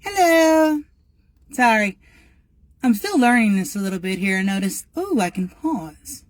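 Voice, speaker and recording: A woman hosting a casual livestream outdoors by her car. She talks in an animated way, often laughs and chats to her viewers over a phone. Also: fairly high pitch, a little slow, no room sound. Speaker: livestream host.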